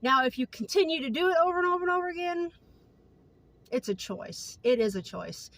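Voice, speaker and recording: A woman's voice: high-pitched, very animated, brisk, a bit bright. A woman in her late twenties telling a personal story in a casual vlog, candid and earnest, with lots of fillers. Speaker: vlogger.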